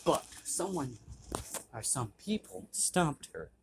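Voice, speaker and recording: A man retelling a fan story off the cuff, halting, with fillers and frequent throat-clearing. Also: on the high side, expressive. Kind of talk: improvised fan-fiction retelling. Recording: noisy home recording.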